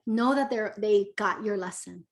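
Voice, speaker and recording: Animated woman teaching parents. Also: mid-range voice, normal speed. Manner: animated, acts out quotes, keeps asking "right?". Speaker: parenting educator.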